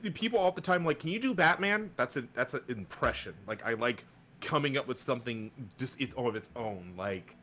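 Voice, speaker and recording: A man's voice: mid-range voice, lively intonation, fairly quick, a bit bright, slight background noise. A man who does voice acting, talking as a guest on a casual podcast in a blunt, talkative way and swearing freely.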